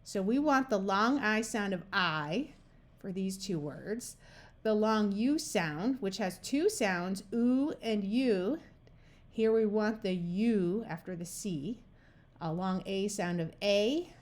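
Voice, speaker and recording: An American woman walks learners through syllable rules at an unhurried pace. Her voice sits in a medium range. She says each sound and word one at a time with patient care. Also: mid-range voice. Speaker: reading tutor. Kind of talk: slow, careful phonics lesson.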